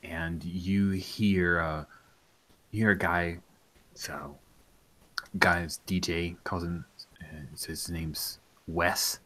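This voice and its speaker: Casting: lower-voiced man running a tabletop game, easygoing narrator. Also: slow, long pauses. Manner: relaxed, meandering narration. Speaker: game master.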